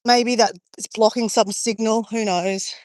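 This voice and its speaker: A woman's voice: a little high, fairly even intonation, measured pace, a little mellow, no echo, clean studio sound. A woman chatting to her live-stream viewers as she walks along a beach, rambling and greeting people by name. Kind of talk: casual live-stream chat. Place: outdoors on a beach.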